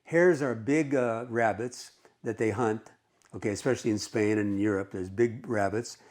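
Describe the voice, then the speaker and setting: A man's voice: on the low side, moderate pace, a little mellow. Chatty man teaching a story lesson. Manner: conversational, with frequent "okay" checks. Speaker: English teacher. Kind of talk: explaining a story in a recorded lesson.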